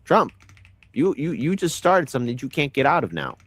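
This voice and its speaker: Animated man hosting a live stream. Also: medium pitch, brisk, husky. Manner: rambling, animated, repeats words. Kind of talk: live reaction commentary.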